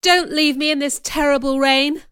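A woman's voice: high-pitched, normal speed, clean tone, dry recording, studio quality, close to an everyday voice. A woman reading aloud voices a timid, penniless young woman who pleads for help. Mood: pleading. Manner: timid and imploring. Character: poor, pleading young woman, almost nineteen. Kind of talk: audiobook character reading.

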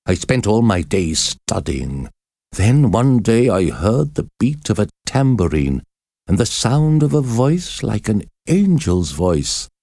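A man's voice: on the low side, sing-song, gravelly, mellow, dry recording, clean studio sound, heavily acted. A man doing a tormented obsessive priest. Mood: desperate. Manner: slow agonized confession. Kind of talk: storybook reading.

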